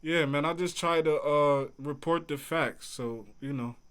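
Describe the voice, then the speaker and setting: A man hosts a casual livestream and talks back to his chat in relaxed slang. His voice sits a little high for a man and comes through smooth and clear. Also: measured pace. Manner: laid-back, conversational, speaks to chat in slang. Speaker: livestream host reading chat.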